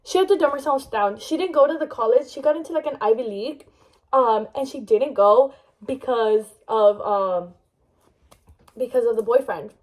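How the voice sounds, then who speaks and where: A woman's voice: fairly high pitch, normal speed, darkish tone, poor audio. A young woman vlogger chatting about a book she loves, gushing and rambling with lots of fillers and restarts. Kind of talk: casual book review chat.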